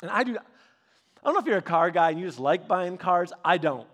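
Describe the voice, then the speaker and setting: High-voiced casual preacher man. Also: expressive, brisk, fairly bright tone. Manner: casual, rambling storyteller with frequent restarts. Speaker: pastor. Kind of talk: sermon with personal stories.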